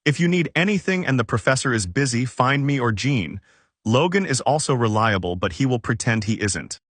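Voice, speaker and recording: Calm, direct weather-wielding woman read by a man. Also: mid-range voice, moderate pace, no room sound, close to an everyday voice.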